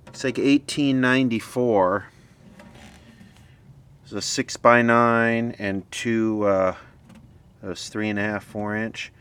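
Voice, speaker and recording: Slow, smooth-voiced man thinking aloud. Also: fairly low pitch, fairly even intonation, fairly bright tone. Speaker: repair video host. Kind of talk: casual narration while inspecting equipment.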